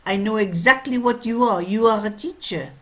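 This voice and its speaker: A proud elderly watchmaker who knows exactly what is wrong, as a woman puts him on. He speaks in a higher, louder voice than her own and delivers each verdict with calm certainty. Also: moderate pace. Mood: knowing. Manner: confident, matter-of-fact pronouncements. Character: proud elderly male watchmaker, sharp and sure.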